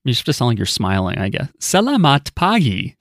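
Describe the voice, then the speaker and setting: A man with a fairly low voice hosts a casual chat podcast, cracking dry jokes at an easy clip. He is recorded close and dry, with almost no room sound. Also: rapid-fire, fairly bright tone, no echo. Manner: dry, joking delivery. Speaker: podcast host.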